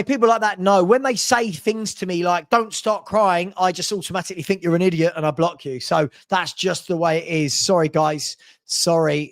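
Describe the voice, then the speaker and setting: A man runs a live-stream Q&A, his voice sitting fairly high for a man. He talks casually and bluntly, trips over his words, and repeats phrases as he thinks out loud. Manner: blunt, opinionated, stumbles and repeats himself. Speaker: host answering viewer questions.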